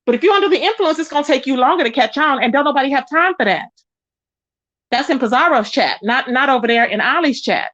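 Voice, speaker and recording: A woman hosting a casual gossip livestream, chatty and animated, greeting viewers in the chat by name. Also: quick pace, dry recording. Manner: animated, pitch jumps up when excited. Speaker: live-stream gossip host. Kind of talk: casual live-stream chat. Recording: dull lo-fi sound, dry.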